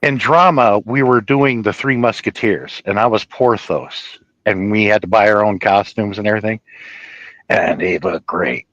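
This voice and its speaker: A man telling a personal story in a rambling, profane, animated way, laughing at his own tale. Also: fairly low pitch, normal speed, dry recording, lo-fi sound.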